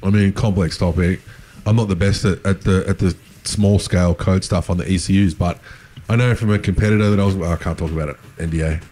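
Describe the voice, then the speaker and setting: A man with a low voice speaks casually on a conference panel. He is blunt and offhand and lets the odd swear word slip. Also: steady tone, fast, warm tone, a little hiss or hum. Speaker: security researcher on a panel.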